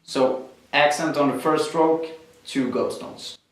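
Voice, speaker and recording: A man's voice: fairly high pitch, fairly even intonation, slow pace, slight background noise. A man teaching a drum lesson, explaining exercises step by step with frequent fillers. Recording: echoey room, mic at a distance. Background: drums played between explanations.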